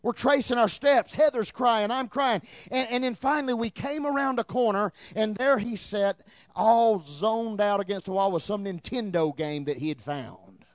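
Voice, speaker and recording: Guy preaching a sermon in church, really high voice, animated storytelling, dry close sound. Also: normal speed, no echo. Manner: animated storytelling, repeats words when excited. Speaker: pastor.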